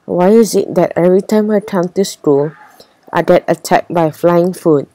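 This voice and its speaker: A woman reading aloud as an angry old woman, the school's benefactor, who shouts indignantly. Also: lowish voice, steady tone, a little slow, close to an everyday voice.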